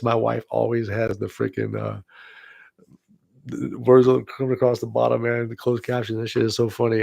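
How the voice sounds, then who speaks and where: Brief: forties male vlog host, gravelly low voice, relaxed enthusiastic chat, salty language. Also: dry recording. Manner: loose and enthusiastic, swears freely. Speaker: vlog host, film student. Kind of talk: casual rambling chat.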